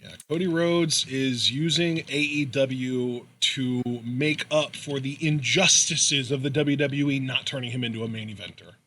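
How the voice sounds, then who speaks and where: A man's voice: medium pitch, fairly even intonation, unhurried, hardly any pauses, a bit bright. A man co-hosting a casual wrestling podcast, matter-of-fact and dryly quipping. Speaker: podcast co-host.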